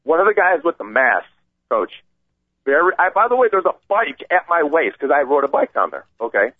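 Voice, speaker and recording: A man calling in to a radio show and telling an animated, rambling story, acting out the voices of the people in it. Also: on the high side, a little fast, dry recording. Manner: excited, acts out quoted voices, rambling. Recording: tinny phone line, dry.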